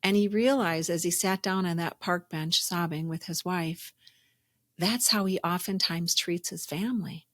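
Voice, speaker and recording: Woman with a lowish voice doing a spiritual self-help podcast, earnest and reflective, dry close sound. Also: unhurried, a bit bright, no room sound. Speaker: podcast host.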